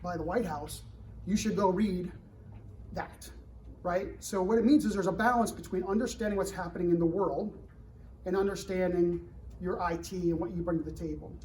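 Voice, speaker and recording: A middle-aged man with a high-pitched voice talks to a live student audience at an event. He is animated and keeps asking the room questions. The mic sits a bit far from him, with a faint hum of room ambience behind. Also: moderate pace. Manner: animated, rhetorical questions to the crowd, frequent "right?". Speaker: government security director speaking to students. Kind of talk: fireside chat to a live audience.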